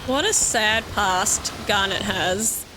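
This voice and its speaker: A woman in her thirties with an Australian accent, giving gushing, excitable commentary on a game she loves. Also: mid-range voice, slow pace, background noise. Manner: excitable and gushing, laughs often. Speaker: let's play gamer. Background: faint game music.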